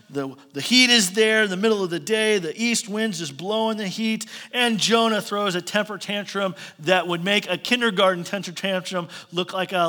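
Male pastor, high and bright voice, animated sarcastic storyteller. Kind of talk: sermon.

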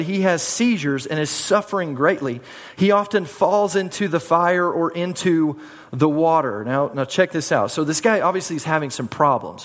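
A man preaching a sermon in a conversational way, often repeating words and calling on the congregation to answer back. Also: on the high side. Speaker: pastor. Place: church sanctuary. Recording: hall reverb.

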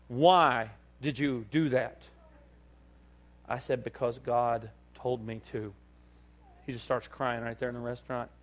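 A male pastor preaching to his congregation, telling a story with lively, acted-out dialogue. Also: medium pitch, gravelly. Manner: animated storytelling, acting out dialogue. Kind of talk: sermon. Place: church service.

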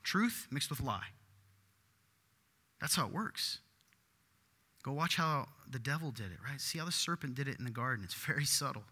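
A man preaching a sermon in a church, animated and breaking into loud emphatic bursts. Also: medium pitch, moderate pace, long pauses, big-room sound. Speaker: pastor.

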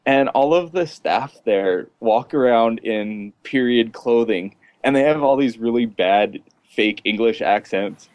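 A man hosting a podcast, telling stories in a relaxed, chatty way and laughing often. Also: medium pitch, a little slow, few pauses. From Canada. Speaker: podcast host. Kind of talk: casual storytelling chat.

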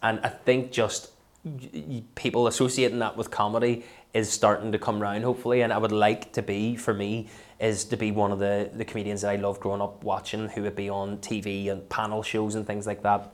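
A Northern Irish comedian in a casual podcast interview, rambling and self-deprecating, full of fillers and restarts. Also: male voice, lowish voice, level tone, fairly quick. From Northern Ireland. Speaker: comedian guest.

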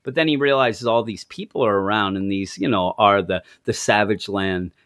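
A married man casually reviewing a comic book with a co-host, lively, acting out bits of dialogue in bursts. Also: moderate pace, smooth. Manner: animated, acts out quoted lines in jumps of pitch.

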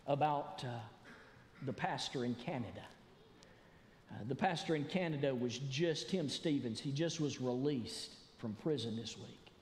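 A man preaching a sermon as pastor, animated and building to emphatic shouts. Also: on the high side, a little hiss or hum. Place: church sanctuary. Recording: echoey church hall.

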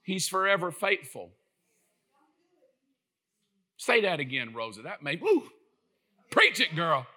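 Middle-aged male preacher, high bright voice, impassioned sermon delivery that rises to shouts. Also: big pitch swings, slow pace, pauses often. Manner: impassioned, often shouting to the congregation.

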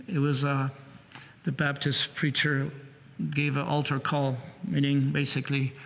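A man preaching, retelling another man's conversion story in a halting, repetitive way, with many restarts. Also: fairly high pitch, gravelly. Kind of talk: sermon storytelling. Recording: long hall reverb.

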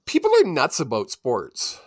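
A man's voice: medium pitch, wildly swooping pitch, a little slow, no room sound, studio quality. A man co-hosting a sports podcast, talking casually with teasing banter. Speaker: podcast co-host.

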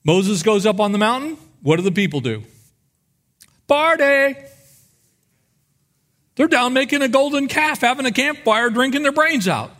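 A male pastor preaching with a high, very lively voice that swoops up and down as he tells the stories. He acts out the figures and talks straight to his congregation. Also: moderate pace, pauses often. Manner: animated storytelling, acts out biblical figures. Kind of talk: sermon.

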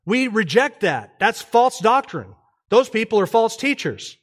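A man's voice: sits high, very animated, measured pace, in a large hall, voice pushed up, exaggerated voice. A man putting on a blustering Southern preacher. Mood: denouncing. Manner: loud, denouncing.

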